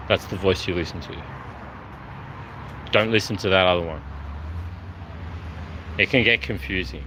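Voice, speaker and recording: Talking to the camera, a man rambles through an offhand monologue, hopping from one topic to the next. His lowish voice sounds pushed and bright, with slight background noise behind it.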